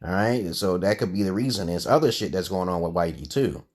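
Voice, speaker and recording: A man hosting a livestream, ranting in a profane, rambling way, dropping to low mutters and then rising into loud outbursts. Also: animated, brisk, husky. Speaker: livestream host. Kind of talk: profane live-stream rant.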